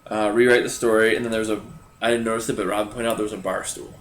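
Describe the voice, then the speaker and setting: A man's voice: lowish voice, flat delivery, racing, a crowd in the background. A man co-hosting a casual recap chat, offhand and thinking aloud as he reads from his notes. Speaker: podcast co-host. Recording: echoey room.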